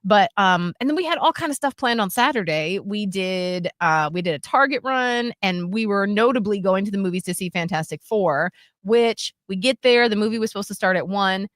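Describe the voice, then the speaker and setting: A woman's voice: medium pitch, moderate pace, no echo. Chatty woman co-host, dry close voice. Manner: chatty, self-mocking, animated retelling. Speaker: radio co-host. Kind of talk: casual storytelling chat. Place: radio studio.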